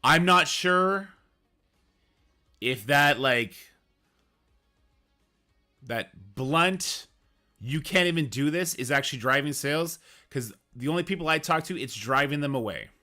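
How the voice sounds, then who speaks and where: A man's voice: on the high side, animated, measured pace, long pauses, sharp tone, faint music behind. A man streaming about a mobile game, ranting in an emphatic, frustrated way and swearing now and then. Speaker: gaming streamer. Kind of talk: casual ranting commentary.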